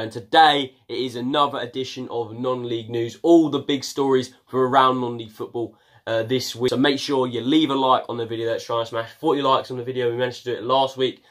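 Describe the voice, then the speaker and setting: A young man from England giving a casual football news roundup on his video channel, chatty and full of ums and uhs. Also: mid-range voice. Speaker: football vlogger.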